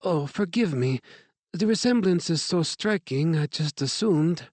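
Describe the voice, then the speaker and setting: A man's voice: fairly high pitch, animated, measured pace, darkish tone, dry recording, voice pushed up. A man voicing a middle-aged French woman who runs a shelter, speaking with a French accent in a polite, cool, protective way. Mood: polite, reserved.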